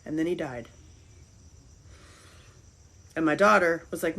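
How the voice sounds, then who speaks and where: A woman's voice: low-pitched, slow pace, creaky. Chatty middle-aged woman telling stories. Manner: rambling, animated storytelling with laughs. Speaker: podcast host. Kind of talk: casual chat.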